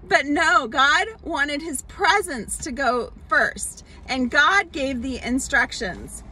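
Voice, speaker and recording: High, lively woman telling a Bible story. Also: low-quality recording. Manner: animated, explains slowly with many fillers and restarts. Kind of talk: children's sermon storytelling.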